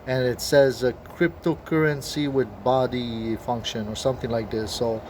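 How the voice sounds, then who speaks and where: A man's voice: mid-range voice, steady tone, moderate pace, darkish tone. Agitated swearing man, faint noise behind. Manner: agitated, swearing, restarts and fillers. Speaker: video blogger. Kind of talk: rambling conspiracy monologue.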